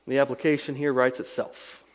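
A man preaching a sermon, telling a scripture story dramatically, swinging from loud emphasis to hushed lines. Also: medium pitch, level tone, normal speed, long reverb tail. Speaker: pastor.

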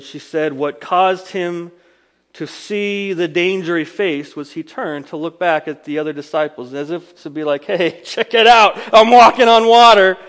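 Dramatic preacher in a reverberant hall. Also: male voice, a little high. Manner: dramatic storytelling, swings between loud emphasis and hushed lines. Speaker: pastor. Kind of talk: sermon.

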